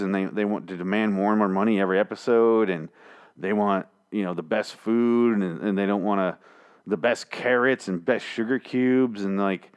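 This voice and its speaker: Man, podcast host, lowish voice, rambling, profane, joking, small studio mic. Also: a little mellow, smooth. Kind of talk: casual solo podcast recap. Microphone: headphones on, studio mic.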